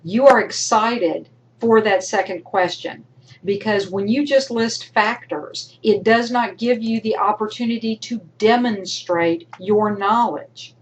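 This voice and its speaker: A woman's voice: mid-range voice, unhurried, slight background noise, rough recording. A woman college instructor giving recorded feedback to her students, emphatic and coaching, sometimes acting out imagined student voices. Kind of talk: recorded lecture to online students.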